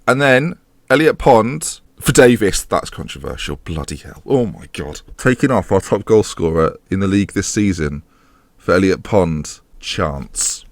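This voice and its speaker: A man's voice: sits low, animated, moderate pace, no echo. Sarcastic man commentating a game. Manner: sarcastic, self-mocking, mock match commentary. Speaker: gaming YouTuber. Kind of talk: casual let's-play commentary.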